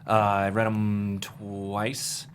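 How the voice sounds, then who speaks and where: Guy in his 30s, filmmaker, kinda low voice, earnest and animated, studio chat with faint hiss. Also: extremely slow. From Maryland, USA. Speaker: filmmaker, writer-director. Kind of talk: casual interview chat.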